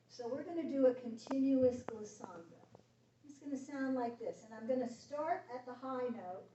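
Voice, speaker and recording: A woman vocal coach leading a vocal workshop, patiently talking singers through exercises and encouraging them. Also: on the high side. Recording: roomy, distant, muffled, noisy.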